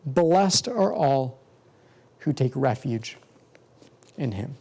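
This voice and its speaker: A man teaching from the Bible in a measured, earnest sermon style, slowing down to stress key words. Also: medium pitch, expressive, gravelly, warm tone, slightly rough. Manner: measured, earnest, slows for emphasis. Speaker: pastor.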